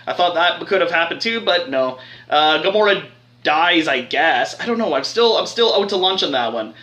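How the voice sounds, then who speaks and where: A man's voice: a little high, lively intonation, brisk, sharp tone. A man giving a casual spoiler film review, rambling, swearing freely and getting worked up as he goes. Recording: echoey room.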